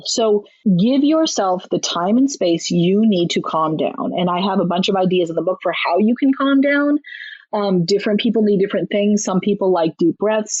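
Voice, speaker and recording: A woman author giving candid, down-to-earth parenting advice as a podcast guest, talking briskly and laughing often. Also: mid-range voice, a little mellow, slightly rough, no echo, muffled recording. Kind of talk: conversational advice in a podcast interview.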